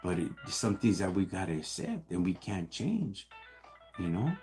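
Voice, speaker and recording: A man's voice: sits low, very animated, normal speed, warm tone, soft background music. A man raised in the United States, hosting a casual livestream and answering viewer questions in laid-back street slang, calling everyone homie and dog.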